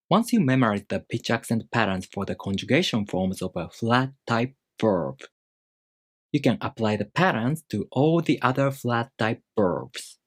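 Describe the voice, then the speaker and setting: Male tutor, mid-pitched, slightly husky, patient and orderly video-lesson delivery. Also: dry recording, studio quality. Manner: calm, methodical explanations with spoken examples. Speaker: language teacher.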